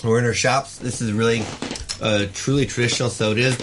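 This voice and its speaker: A man's voice: medium pitch, steady tone, noisy background. A man, a chef guest on the radio, explaining a recipe step by step. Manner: quick, explanatory. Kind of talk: casual radio interview.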